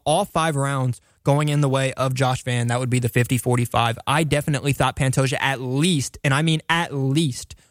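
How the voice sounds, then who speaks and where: A man's voice: mid-range voice, dry recording, clean studio sound. A young man giving a casual, enthusiastic fight recap as a commentator, rambling with many fillers and restarts. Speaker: combat sports commentator.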